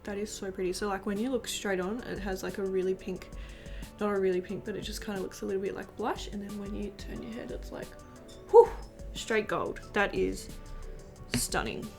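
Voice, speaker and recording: Gushing young woman with a gravelly edge. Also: medium pitch, steady tone, a little fast, music in the background. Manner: gushing, rambling, lots of fillers. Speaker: beauty vlogger. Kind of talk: casual chat while doing makeup.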